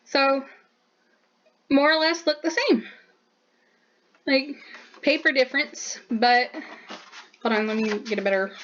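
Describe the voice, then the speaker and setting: A woman with a somewhat high voice talks casually about her artwork, bubbly and chatty, leaning on easy fillers. The recording is muffled and lo-fi. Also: steady tone, unhurried, pauses often, fairly bright tone, a little hiss or hum. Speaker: artist showing her sketchbook. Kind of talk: casual narration while drawing.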